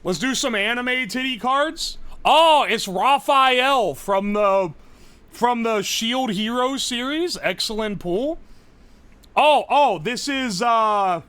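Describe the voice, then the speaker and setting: A young man streaming live, rambling and swearing as he goes, loud and excitable. His voice sits high and swings up and down a lot, with a bright, forceful edge. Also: takes it slowly, clean tone. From United States. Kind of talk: casual live-stream chat.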